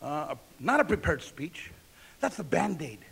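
High-voiced gravelly male pastor. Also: very animated, normal speed, fairly bright tone. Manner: emphatic, repetitive preaching with call-and-response questions. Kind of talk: sermon.

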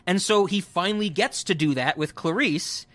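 A man's voice: high voice, moderate pace, a bit bright, no room sound. A man co-hosting a casual movie discussion podcast, opinionated and blunt, swearing casually. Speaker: podcast co-host.

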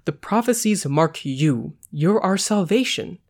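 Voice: big pitch swings, moderate pace, close to an everyday voice. A podcast host reading a story aloud, voicing a young actress in a raised, emphatic voice. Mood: pleading. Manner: higher, emphatic. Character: young actress, sharp and exasperated.

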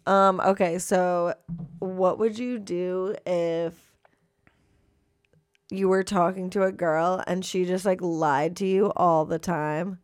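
A woman's voice: lowish voice, steady tone, takes it slowly, clean tone, no room sound, clean studio sound. A young woman co-hosting a podcast, laid-back and giggly, talking casually with lots of fillers. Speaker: podcast co-host. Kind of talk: casual chat.

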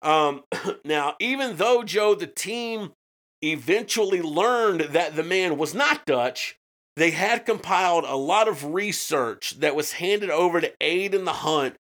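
A man's voice: a little high, expressive, unhurried, a bit bright. A man co-hosting a true-crime podcast in casual chat, swearing often and restarting his sentences. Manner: profane, with frequent restarts and fillers. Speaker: podcast co-host.

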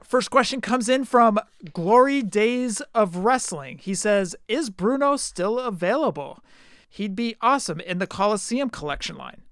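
A man's voice: sits high, lively intonation, unhurried, a bit bright, no room sound, clean studio sound. A man co-hosting a podcast, chatting casually and teasingly about collectible figure news. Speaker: podcast co-host.

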